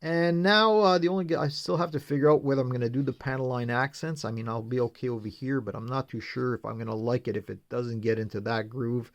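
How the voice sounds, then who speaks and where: A man in the middle of his speaking range talks through his model kit build in a relaxed, conversational way. He explains each step without hurrying and fills his pauses with plenty of "uh"s. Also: mid-range voice. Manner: unhurried, explains step by step, frequent "uh" fillers. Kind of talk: casual build walkthrough.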